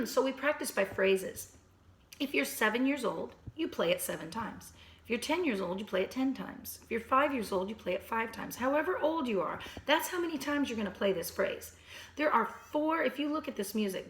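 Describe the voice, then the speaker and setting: A woman teaching a recorded piano lesson to children and their parents, patient and instructive, slightly hoarse and often clearing her throat. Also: mid-range voice, a bit bright, roomy sound. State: losing her voice. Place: at a piano, indoors.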